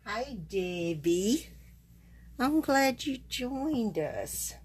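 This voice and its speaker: A woman's voice: on the high side, big pitch swings, very slow, a little hiss or hum. A woman hosting a casual live stream, chatting to viewers and greeting them by name, a little tired, with plenty of fillers and small laughs. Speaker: card-making demonstrator hosting a live stream.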